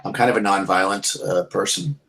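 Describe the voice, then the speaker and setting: A man's voice: low voice, a little fast, vocal fry, a bit bright. A man playing in a tabletop game, talking casually and hesitantly. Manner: hesitant, many restarts. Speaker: player.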